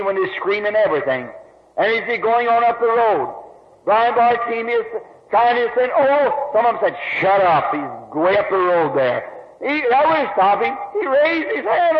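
High-voiced preacher on a dull old recording. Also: male voice, long reverb tail, slight background noise. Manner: dramatic retelling, voicing characters with cries. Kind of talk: sermon storytelling.

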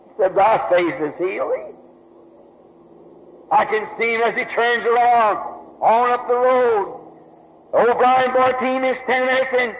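High-voiced preacher on a dull old recording. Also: male voice, a little slow, big-room sound, slight background noise. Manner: dramatic retelling, voicing characters with cries. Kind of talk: sermon storytelling.

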